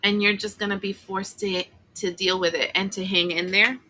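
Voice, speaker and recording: A woman with a bright, forceful voice talks through a tarot reading in a loose, chatty way. She fills her talk with fillers and asides and gets emotional along the way. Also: medium pitch, level tone, normal speed, a little hiss or hum, low-quality recording. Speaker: tarot reader.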